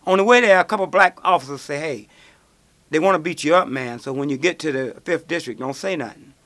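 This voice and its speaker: Man, radio host, lively storyteller, bright voice, higher pitch. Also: fairly quick. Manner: animated storyteller, acts out quoted voices. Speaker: radio show host answering listener questions. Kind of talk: storytelling call-in answers.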